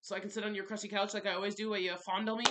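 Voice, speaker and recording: A woman's voice: mid-range voice, little pitch movement, racing, noisy background. A young woman vlogging a candid, frustrated story about her relationship, ranting and repeating herself for emphasis. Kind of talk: confessional storytime vlog.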